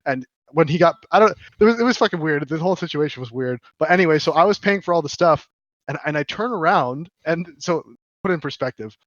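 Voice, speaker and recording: A man telling stories on a podcast in a casual, animated, profane way, often restarting his sentences. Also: fairly high pitch, quick pace, no room sound, dull audio. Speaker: podcast co-host. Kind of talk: casual storytelling chat.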